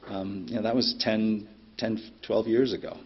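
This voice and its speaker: In a meeting room, a middle-aged man tells his recovery story in a lowish, steady voice at an ordinary pace. His delivery is direct and unpolished, packed with ums and the odd curse. The audio has the dull, lo-fi quality of a meeting recording.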